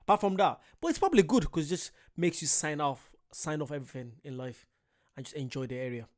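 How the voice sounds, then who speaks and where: Guy doing a reaction vid, kinda high voice, gets excitable and repeats himself. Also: fast. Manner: excitable, repeats words when worked up. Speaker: reaction video host. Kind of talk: casual reaction commentary.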